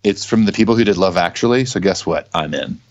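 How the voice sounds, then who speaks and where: Podcast co-host, male, lowish voice, dull lo-fi audio, eager rambling talk. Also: quick pace. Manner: enthusiastic, rambling, laughs easily. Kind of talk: casual chat.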